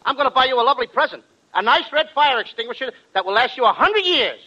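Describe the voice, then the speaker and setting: High, bright, cheeky comic man. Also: lively intonation, fast talker, dull audio. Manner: boyish, cheeky wisecracking. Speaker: comedian. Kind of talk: 1940s radio comedy.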